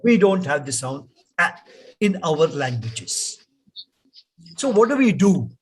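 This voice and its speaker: A man with an Indian English accent teaching pronunciation in an online class, slow and patient, repeating words for students to echo. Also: fairly high pitch, sing-song, husky.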